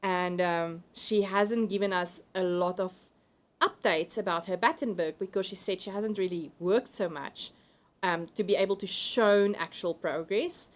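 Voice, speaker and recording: A woman with a South African accent hosts a relaxed live stream from home, talking through a computer mic. She chats freely, laughs often and reads viewers' comments aloud as they come in. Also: medium pitch, moderate pace. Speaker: livestream host. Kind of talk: casual chat reading viewer comments.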